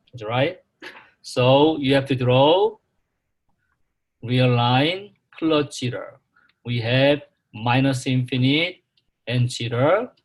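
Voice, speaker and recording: A man teaching a calculus class, talking slowly and haltingly, repeating himself and putting questions to the students. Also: medium pitch. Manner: slow, repetitive, halting, asks the class questions. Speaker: math instructor.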